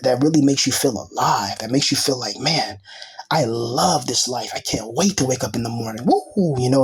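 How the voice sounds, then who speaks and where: A man in a loose, rambling monologue, speaking like an informal preacher who jumps from thought to thought. His voice sits at an ordinary male pitch with a husky, slightly rough texture. He fills the gaps with casual asides and restarts. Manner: rambling, full of "you know" and "bro" asides. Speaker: self-styled teacher and preacher.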